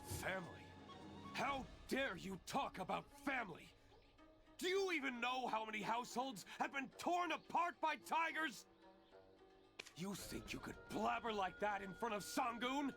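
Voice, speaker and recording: A man's voice: very high-pitched, very animated, a little slow, vocal fry, full character voice. An actor playing a stern male official who threatens a prisoner in a game. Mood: indignant. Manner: commanding, threatening. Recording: game voice over very loud music.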